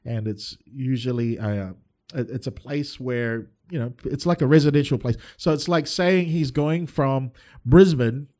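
A man's voice: mid-range voice, unhurried, warm tone. A man preaching a sermon as a pastor, earnest and emphatic, often restarting his phrases.

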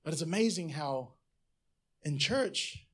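Animated preacher man, fairly high voice. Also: slow pace, husky. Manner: animated, swings from loud to quiet, chatty asides. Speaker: pastor. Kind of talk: sermon.

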